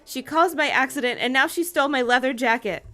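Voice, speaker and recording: A woman voicing a hysterical teenage girl who shouts accusations at a classmate. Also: fairly quick. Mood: hysterical, accusing. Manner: shrill, shouting.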